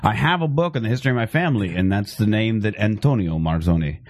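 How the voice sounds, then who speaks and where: A man's voice: fairly low pitch, lively intonation, fast, darkish tone, dry recording, clean studio sound. A man hosting a podcast, joking and playful in casual banter. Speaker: podcast host.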